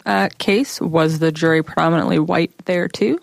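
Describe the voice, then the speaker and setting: A woman's voice: low voice, normal speed, vocal fry, no room sound, clean studio sound. A woman co-hosting a podcast, talking earnestly in casual chat. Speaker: podcast co-host.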